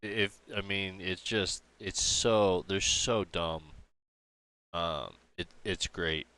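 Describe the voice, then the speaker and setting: A man's voice: low-pitched, slow pace, bright, forceful tone, clean tone. A man hosting a livestream, chatting casually in a rambling way with lots of fillers. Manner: rambling, filler-heavy, amused. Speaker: livestream host. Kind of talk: casual chat over a stream.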